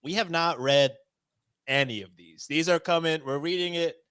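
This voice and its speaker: A man's voice: on the high side, normal speed, fairly bright tone, smooth. A man co-hosting a live-stream podcast, reading stories aloud in a joking, self-deprecating way and laughing often. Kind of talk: casual live-stream chat.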